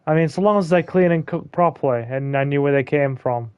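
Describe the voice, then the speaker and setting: A man's voice: on the high side, a little fast, clear, resonant tone, dry recording, dull audio. Joking man on a game stream. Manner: joking, reads chat aloud. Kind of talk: casual gaming commentary.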